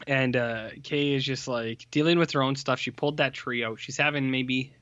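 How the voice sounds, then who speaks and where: A man's voice: mid-range voice, moderate pace, dry recording. Rambling man on a dull, dry mic. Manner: rambling, animated, full of fillers, mocks characters in put-on voices. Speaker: podcast co-host. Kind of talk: casual film review chat.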